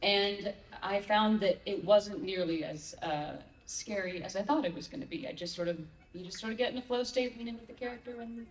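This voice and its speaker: A woman's voice: mid-range voice, brisk, hardly any pauses, a little hiss or hum. Laughing woman on a panel in a hall. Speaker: audiobook narrator, panel guest. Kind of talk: casual anecdotal chat. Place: large convention panel room. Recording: echoey hall, distant mic.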